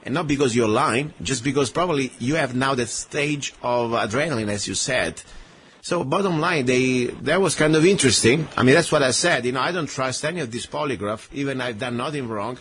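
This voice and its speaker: Male talk radio host, English, opinionated and animated, mid pitch, faint hiss. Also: fairly quick. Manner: animated, opinionated, loose non-native phrasing. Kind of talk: radio interview.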